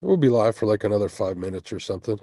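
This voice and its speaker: A man's voice: fairly low pitch, animated, very fast, mellow, dry recording, rough recording. A man hosting a casual fishing-channel livestream, chatting with viewers in a laid-back way and sounding sleepy. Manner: laid-back, chatty, with frequent fillers and little laughs. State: sleepy, yawning after a night without sleep. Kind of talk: casual livestream chat, reading viewer comments. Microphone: earbuds mic on a phone stream.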